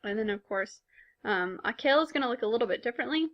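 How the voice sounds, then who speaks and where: A woman's voice: on the high side, lively intonation, fast, lo-fi sound. A woman teaching a recorded language lesson in a patient, explanatory way, speaking with casual fillers. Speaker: Spanish teacher.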